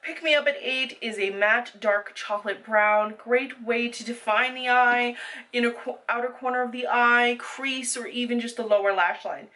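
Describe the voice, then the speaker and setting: A woman talks through a makeup haul in a casual, chatty way, describing each product in detail with a few ums along the way. Her voice is bright and sits a bit high. She sounds set back from the mic. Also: steady tone, normal speed, distant mic, poor audio. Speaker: beauty vlogger.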